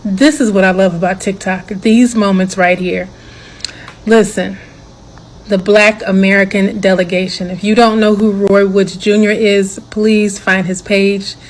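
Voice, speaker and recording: A woman talking excitedly and emphatically in a commentary video. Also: medium pitch, unhurried, low-quality recording.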